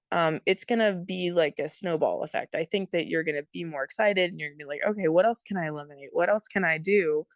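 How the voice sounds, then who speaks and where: A woman with a low, slightly gravelly voice that stays smooth and clear. She talks earnestly as a podcast guest, explaining at length and filling pauses with ums. The recording is dry and close. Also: no room sound. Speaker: guest, product consultant. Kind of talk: casual interview talk.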